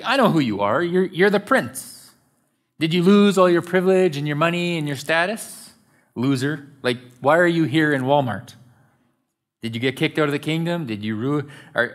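A man doing a loud scornful heckler. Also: fairly high pitch, normal speed, voice pushed up, natural voice. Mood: mocking. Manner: loud, mocking.

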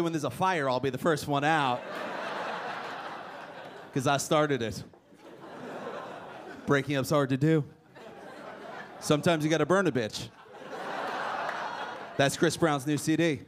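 A young man with a fairly high voice performs brash stand-up to a live comedy club crowd, teasing them with punchy timing, though he speaks at a measured pace with long pauses. Audience noise is audible in this live recording.

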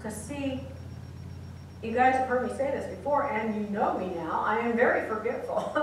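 Lady preacher telling her own story, high-ish voice, mic far away, big echo. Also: normal speed, slight background noise. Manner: candid and personal, many restarts. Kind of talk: sermon. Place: small church hall. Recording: very echoey church room from far off.

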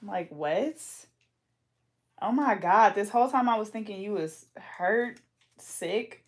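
Casting: young Bay woman, slangy playful braider-vlogger, mid-pitched, easy banter. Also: animated, slow pace. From Bay Area, California. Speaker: braider and channel host. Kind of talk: casual chat while braiding.

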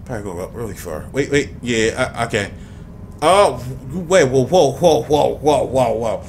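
A man's voice: mid-range voice, lively intonation, measured pace, vocal fry, a little hiss or hum. A young man commentating a game he is playing, talking to the game and his viewers and swearing a lot. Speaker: gaming YouTuber. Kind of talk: let's play commentary.

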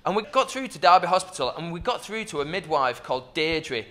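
A man in his thirties telling a stand-up story, cheeky and animated, sometimes building to shouts. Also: on the high side, a little fast. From England. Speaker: stand-up comedian. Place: comedy club stage. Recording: far mic, roomy club, crowd laughter.

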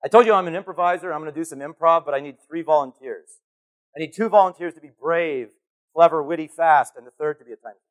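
A man giving a conference keynote on stage, animated and playful as he calls volunteers up from the audience. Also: on the high side, fast. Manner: animated, calling to the crowd, playful. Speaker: keynote speaker.

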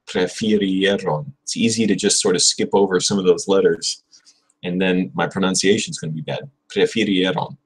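A man with a fairly low, husky voice talks casually on a livestream. He rambles and corrects himself as he studies. He repeats verb forms over and over, slowly and with care. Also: rough recording. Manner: drills verb conjugations aloud, repeating words slowly; rambling, self-correcting, chatty with viewers. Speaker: livestream host studying Spanish. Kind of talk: casual livestream, thinking aloud.

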